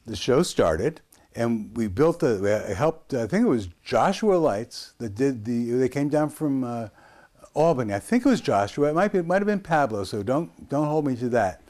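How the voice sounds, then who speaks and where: A man's voice: medium pitch, big pitch swings, normal speed, darkish tone. A man in his sixties from the United States, telling a rambling story as an interview guest, with frequent hesitations and restarts.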